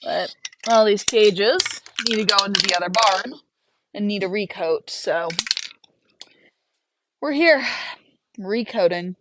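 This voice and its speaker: A woman's voice: mid-range voice, takes it slowly, long pauses, a bit bright, a little hiss or hum. A young woman chatting casually and rambling while working outside a barn, laughing often. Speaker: homesteader and livestream host. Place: outdoors by a barn.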